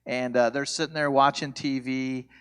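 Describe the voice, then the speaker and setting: A man's voice: medium pitch, flat delivery, moderate pace, clear, resonant tone. A man leading a church couples workshop, talking casually with jokes, stories and frequent fillers. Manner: conversational, self-deprecating, many fillers.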